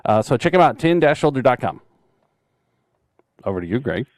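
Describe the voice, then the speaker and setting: A middle-aged man co-hosts a laid-back podcast and tells stories with a joking edge, now and then breaking into a loud yell. His voice sits at an ordinary pitch and comes across dry and close, with no room sound. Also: very animated, normal speed, dry recording. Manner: jokey storyteller, bursts into loud yells. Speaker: podcast co-host, author. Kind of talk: casual chat.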